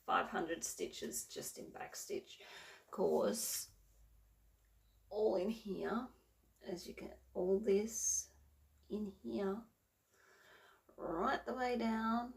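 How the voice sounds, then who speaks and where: A woman's voice: mid-range voice, steady tone, drawn-out words, creaky, pauses often. A woman chatting casually about her cross-stitch projects, rambling and correcting herself as she goes. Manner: rambling, self-correcting, filler-heavy. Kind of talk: casual show-and-tell chat. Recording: roomy, from a distance.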